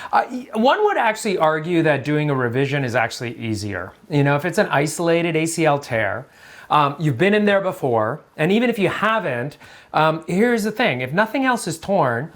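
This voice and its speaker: A man's voice: a little high, big pitch swings, moderate pace, a bit bright. A man with the easy, rambling delivery of a doctor breaking down a medical topic on camera. He jokes around and drifts into side remarks, leaning on fillers as he goes. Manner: chatty and digressive, jokes around, many fillers. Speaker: orthopedic doctor explaining a sports injury. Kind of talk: casual medical explainer talk.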